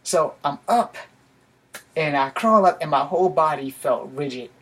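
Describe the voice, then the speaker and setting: A man's voice: fairly high pitch, animated, normal speed, a bit bright. A man vlogging, telling a rambling personal story full of swearing. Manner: profane and rambling. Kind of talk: casual storytelling.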